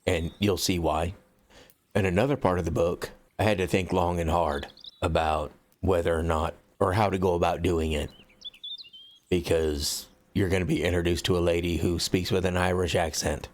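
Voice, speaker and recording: A man's voice: low voice, steady tone, moderate pace, slight background noise. An American man, an author, chatting bluntly and profanely to his viewers before reading from his own book. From United States. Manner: blunt and profane, loose rambling delivery.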